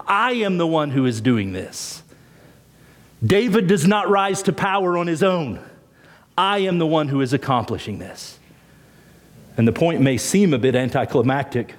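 A man preaching a sermon, teaching through a psalm verse by verse with emphatic, repetitive phrasing. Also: a little high. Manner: expository teaching, emphatic, repeats words when building a point. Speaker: pastor.

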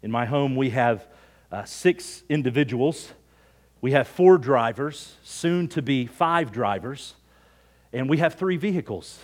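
A middle-aged man preaching a sermon as pastor, telling everyday stories with lively energy and dropping to hushed near-whispers for emphasis. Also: mid-range voice, measured pace.

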